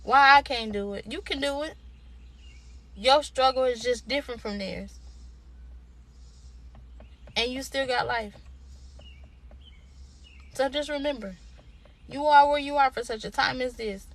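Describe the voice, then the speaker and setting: Young woman, a bit high-pitched, with a colloquial, preacher-style motivational delivery and a lot of repetition. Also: fairly bright tone. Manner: emphatic, repetitive, preacher-like exhortation; informal, colloquial. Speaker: motivational speaker. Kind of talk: inspirational direct-to-camera talk.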